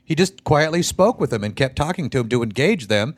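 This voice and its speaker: A man's voice: mid-range voice, lively intonation, brisk, husky. A man, a comedian, chatting casually and supportively in a hotel room. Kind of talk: casual chat.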